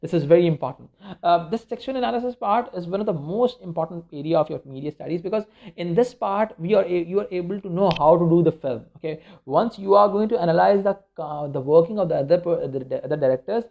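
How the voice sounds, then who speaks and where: A man gives an informal recorded media studies lecture in a loose, rambling way, full of fillers and restarts. His high-pitched voice is quick with vocal fry, captured in a dull lo-fi recording.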